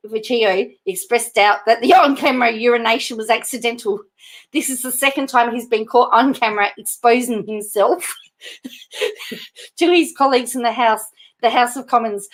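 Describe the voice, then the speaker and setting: A woman's voice: fairly high pitch, fairly bright tone. A woman hosting her channel, reading news articles aloud in casual commentary, often breaking into giggles and chatty asides to viewers. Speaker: channel host.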